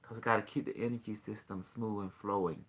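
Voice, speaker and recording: A man's voice: lowish voice, brisk, breathy edge. A man hosting a call-in show, talking casually in a rambling, boastful way. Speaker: show host.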